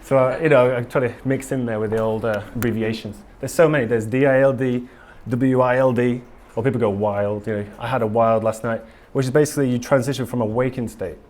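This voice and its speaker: A man's voice: mid-range voice, steady tone, brisk, few pauses, darkish tone. A man speaking at a conference, candid and enthusiastic, with frequent ums and restarts. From England. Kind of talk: live conference talk and Q&A. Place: conference hall.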